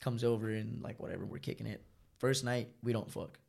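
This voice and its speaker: A young man casually telling a long, profane story, rambling and animated. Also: mid-range voice, brisk, vocal fry.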